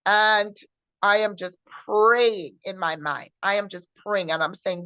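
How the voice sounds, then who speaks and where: A woman sharing her personal testimony in an earnest, halting way, often repeating herself and restarting. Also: medium pitch, sharp tone, clean tone, no echo. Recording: dull lo-fi recording.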